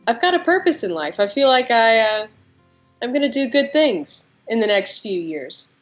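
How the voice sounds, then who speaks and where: A woman's voice: on the high side, sing-song, normal speed, fairly bright tone. A teenage girl answering interview questions in an earnest, upbeat way. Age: teens. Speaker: scholarship candidate. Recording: dull lo-fi sound with faint music.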